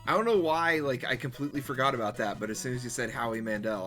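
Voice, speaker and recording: A male streamer talking off the cuff while he plays a golf game, rambling and correcting himself as he goes. His voice is bright and forward, and his pitch moves a lot from phrase to phrase. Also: sing-song, fast, few pauses. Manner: rambling, chatty, self-correcting. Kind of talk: casual chat while gaming.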